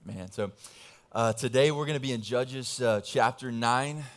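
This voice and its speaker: A young man, a pastor, giving a casual, animated sermon full of slang and family stories. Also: medium pitch, a little slow.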